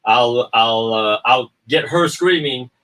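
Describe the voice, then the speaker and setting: Chatty indie filmmaker, man, rambles and restarts, bright tone. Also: medium pitch, slow pace, recorded from a distance, rough recording. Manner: rambling, repeats words, acts out quotes. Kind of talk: casual livestream chat.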